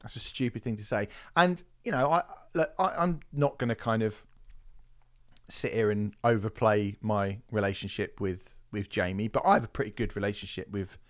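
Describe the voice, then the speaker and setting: A man's voice: fairly low pitch, moderate pace. A man hosting a podcast, chatting casually and animatedly, swearing and mocking critics in quoted voices. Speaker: podcast host.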